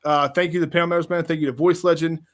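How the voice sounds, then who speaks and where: A man's voice: a little high, little pitch movement, fast, slight background noise. Laid-back man hosting a gaming podcast. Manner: laid-back, swears a lot, laughs often. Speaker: podcast host. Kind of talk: casual chat.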